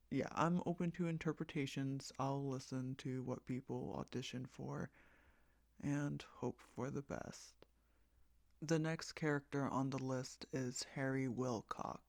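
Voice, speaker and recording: A man's voice: medium pitch, creaky, dry recording. An American man rambling casually about a casting call, hesitant and full of fillers and restarts. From United States. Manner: meandering, hesitant, with many fillers and self-corrections. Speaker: fan project creator running a voice casting call.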